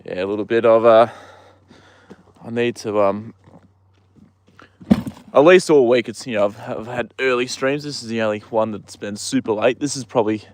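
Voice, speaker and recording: Casual male streamer at a paddock, mid-pitched and rambling, dry close sound, curses freely. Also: normal speed, pauses often, darkish tone, no echo. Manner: chatty, rambling, answers viewer comments, swears freely. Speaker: live stream host. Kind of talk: casual live stream chat. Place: outdoors at a horse paddock.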